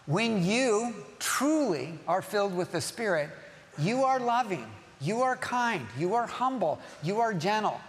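Pastor, male, high voice, emphatic sermon delivery, long hall echo. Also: sing-song, a little slow, a little hiss or hum. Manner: emphatic, repeats key phrases, asks the congregation questions.

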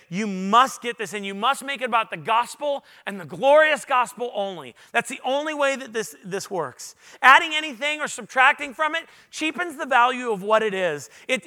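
A male pastor with a high-sitting voice preaches earnestly to a large church congregation. He rises to loud, emphatic peaks and drops into quiet, confessional moments.

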